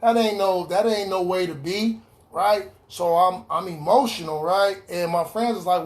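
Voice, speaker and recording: Man, fairly high voice, earnest recovery testimony, repeats key lines, video call. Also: moderate pace. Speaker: recovery speaker sharing his story. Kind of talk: personal testimony in an online meeting.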